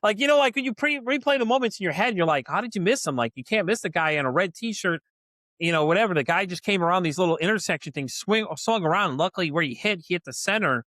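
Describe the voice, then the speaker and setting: A fast-talking middle-aged man tells a story on a podcast, circling back with lots of fillers and acting out the quotes. His voice is bright and a little high, and it sits close and dry in the recording. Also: expressive, dry recording. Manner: rambling, lots of "you know" and "like", acts out quotes. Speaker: podcast host. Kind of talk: casual storytelling chat.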